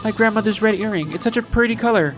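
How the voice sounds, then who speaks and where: A sweet, fretful townswoman from a video game asks for help in a raised, pleading voice, as a man puts her on. Soft game music plays behind. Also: high-pitched, fast, voice pushed up, low-quality recording.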